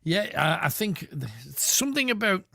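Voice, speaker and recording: A middle-aged man with a Northeast English accent, hosting a radio phone-in with jovial, quick reactions. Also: high-pitched, sing-song, bright, forceful tone, no echo, studio quality. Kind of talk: casual radio chat.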